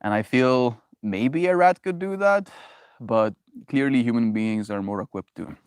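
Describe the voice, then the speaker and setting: A man's voice: a little slow, clear, resonant tone, no room sound, clean studio sound. A man hosting a daily livestream, chatting casually and reading out viewer comments. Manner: animated, swings into higher voices when acting out reactions. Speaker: livestream host.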